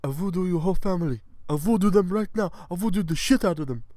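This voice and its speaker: Man doing a high, loud gang boss, menacing, boastful, repeating threats, comedy podcast bit. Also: quick pace, no echo, lightly acted.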